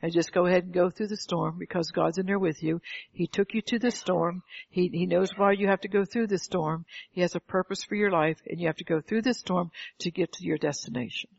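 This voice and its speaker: Older woman preacher, fervent sermon delivery, gravelly and husky, heard on a dull lo-fi recording. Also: lowish voice, steady tone, a little fast, no room sound. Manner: fervent, calls out "Amen" and rhetorical questions. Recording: dull lo-fi, dry sound.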